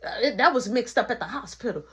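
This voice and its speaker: A woman's voice: fairly high pitch, expressive, fast talker, fairly bright tone, breathy edge, pitched above the performer's own voice, full character voice. A woman voicing her stern, fed-up mother, barking orders in an exasperated way. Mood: doting.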